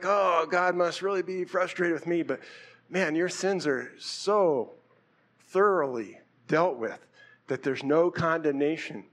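Man, high voice, sermon, chatty preaching, rhetorical questions. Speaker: pastor.

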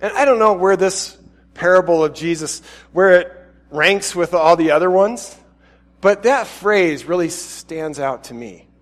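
A man's voice: sits high, expressive, a little slow, in a large hall. A man preaching a sermon in a casual, chatty and self-deprecating way.

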